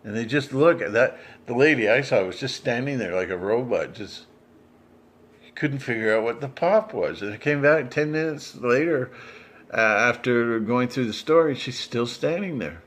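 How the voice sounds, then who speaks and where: Man, rambling vlog talk, halting, repeats himself, restarts. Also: mid-range voice, animated, fairly bright tone. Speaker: vlogger. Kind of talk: rambling monologue.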